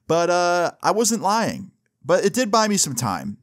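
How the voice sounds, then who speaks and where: A man's voice: high-pitched, very animated, a little slow. A young man casually telling a personal story in a loose, profane way, often adding "like" and "right?" as he goes. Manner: loose and profane, with frequent "like" and "right?" tag questions.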